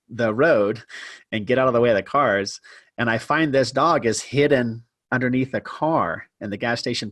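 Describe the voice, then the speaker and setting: A man telling a personal story as a podcast guest, animated and self-deprecating, shifting his pace for effect. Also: mid-range voice, no echo, clean studio sound. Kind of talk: casual storytelling interview.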